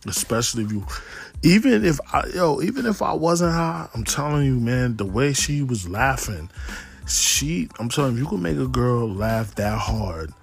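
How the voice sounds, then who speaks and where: A man's voice: medium pitch, expressive, normal speed, gravelly, faint music behind. A stoned man rambling in a casual, slangy monologue, often losing his thread. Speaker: podcast host.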